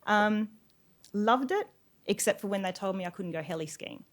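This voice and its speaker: A woman's voice: medium pitch, moderate pace. A young adult woman giving an informal talk to an audience, telling stories with laughs and fillers between slides. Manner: chatty storytelling with laughs and fillers. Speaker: guest speaker.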